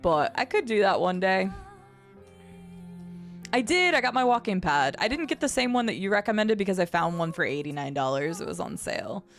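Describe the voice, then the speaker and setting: Chatty woman streamer with vocal fry. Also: very animated, a little fast, soft background music. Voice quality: low vocal fry at phrase ends. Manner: chatty and rambling, laughs often. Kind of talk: casual live-stream chat, reading and answering chat. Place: home streaming setup.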